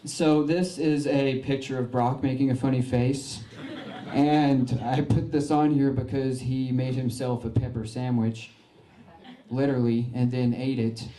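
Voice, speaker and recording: A young man gives a folksy, earnest slideshow talk, stumbling through fillers and restarts. His voice is mellow and dark. The room around him is echoey. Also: medium pitch, level tone, unhurried. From Arkansas, United States. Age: young adult. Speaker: veteran giving a slideshow talk. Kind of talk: informal public talk.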